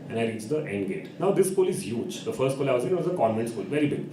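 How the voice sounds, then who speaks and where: A man's voice: mid-range voice, quick pace. Young man telling a comic story. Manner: animated, acts out voices of people in his story. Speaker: open mic performer and host. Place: performance venue. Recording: echoey room with background noise.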